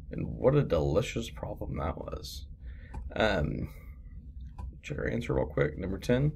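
A male teacher talks through math problems at an unhurried pace, with a gravelly edge to his voice. He rambles and makes fun of himself, with plenty of ums. It sounds like a casual lesson recorded at his computer. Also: on the low side, slight background noise. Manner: rambling, self-deprecating, filler-heavy. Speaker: sixth grade math teacher.

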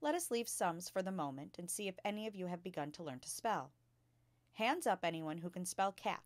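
A woman's voice: sits low, animated, normal speed, dry recording. Miss Honey, kind young teacher, read by a woman. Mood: encouraging. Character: gentle young female schoolteacher, kind and patient.

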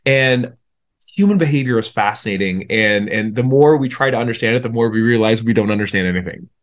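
A young adult man appears as a podcast guest, telling stories in casual conversation and getting animated when he acts out the people he quotes. His voice is lowish and a little fast.

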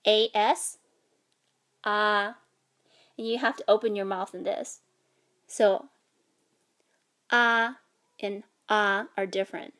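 A woman's voice: medium pitch, steady tone, moderate pace. A woman teaching a language lesson, patiently explaining and sounding out vowels and tones. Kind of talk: instructional explanation.

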